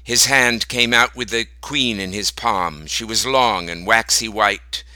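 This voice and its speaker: A man reading a short story aloud as narrator, slow and deliberate. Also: lowish voice, sharp tone, no echo, poor audio.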